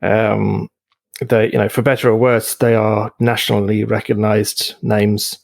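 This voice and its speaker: A man co-hosting a podcast, talking politics in a measured way with a gravelly voice and frequent hedges. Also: on the low side, level tone, no echo. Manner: measured, hedging with "I mean". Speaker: podcast co-host. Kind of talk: casual political chat.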